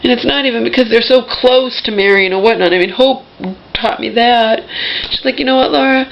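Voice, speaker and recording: A woman's voice: fairly high pitch, moderate pace, creaky, highs cut off. A woman venting in an emotional personal monologue, agitated and restarting her sentences often. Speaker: vlogger.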